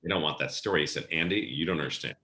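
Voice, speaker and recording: Middle-aged male guest, low bright voice, lively storyteller, roomy echo. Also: racing. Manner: animated storyteller acting out quoted voices. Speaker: podcast guest, event planner. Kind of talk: casual storytelling interview.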